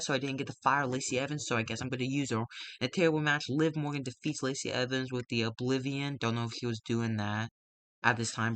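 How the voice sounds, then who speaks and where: A man's voice: medium pitch, pushed and bright, no echo. A man casually recapping the results of his wrestling simulation game, rambling with lots of fillers and the odd swear word. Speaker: wrestling sim game player recapping a show.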